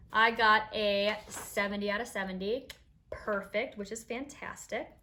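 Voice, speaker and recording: A woman's voice: mid-range voice, a bit bright. A young woman in her twenties, a teacher vlogger, explaining her school paperwork in a chatty, upbeat way with plenty of fillers. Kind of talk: casual explanatory vlog.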